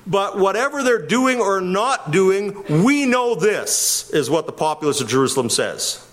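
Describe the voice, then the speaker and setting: Lively, animated male Bible teacher. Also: high-pitched, unhurried, hardly any pauses. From Winnipeg, Canada. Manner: animated, emphatic, chuckles often. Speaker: pastor.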